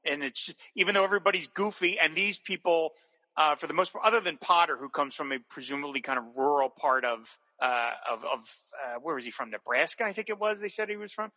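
Laughing often, an enthusiastic podcast co-host rambles quickly through a TV episode recap, starting sentences over as he goes. His voice is a little high and very bright and sharp, and a long reverb rings around him.

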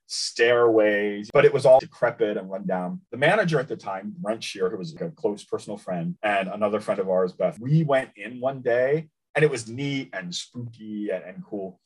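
Husky-voiced man telling a casual story. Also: on the low side, normal speed, few pauses, rough recording. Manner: chatty, animated storytelling with laughs. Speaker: podcast co-host. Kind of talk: casual chat about comics.

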